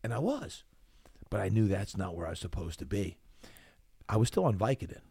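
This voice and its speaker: A man's voice: lowish voice, fairly quick, gravelly, slightly rough, no room sound, studio quality. A middle-aged man from New Jersey, a fitness coach guest on a podcast, telling a personal story with lots of energy and acting out the dialogue. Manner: animated, acts out quoted dialogue.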